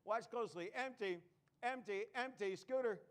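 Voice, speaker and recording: Punning comedy magician, high-voiced man. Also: moderate pace, a bit bright. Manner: punning, self-mocking, jokey. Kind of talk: live stage magic patter. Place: live theater stage.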